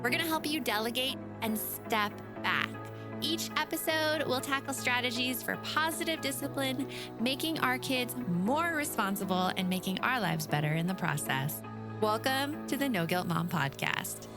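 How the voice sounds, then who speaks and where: A woman's voice: on the high side, animated, moderate pace. A woman reading a scripted, upbeat podcast intro. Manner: upbeat, promotional. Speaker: show intro announcer. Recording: voice over a music bed.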